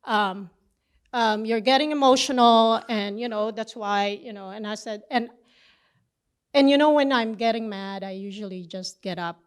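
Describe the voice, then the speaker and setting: A middle-aged woman teaching a church session, telling a personal story with lively back-and-forth dialogue. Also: a little high, moderate pace, clear, resonant tone. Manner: animated storytelling, acting out both sides of a conversation.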